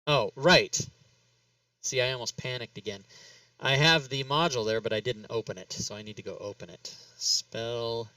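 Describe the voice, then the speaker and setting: A man's voice: medium pitch, moderate pace, sharp tone, no echo, far from the mic, rough recording. A man hosting a casual talk show, rambling and laughing as he talks himself through steps on a computer over voice chat. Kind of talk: casual chat while working in game software.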